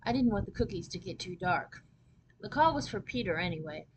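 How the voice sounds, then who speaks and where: A woman reading a children's chapter book aloud as a storyteller, with lively first-person narration. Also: lowish voice, brisk, slight background noise, rough recording.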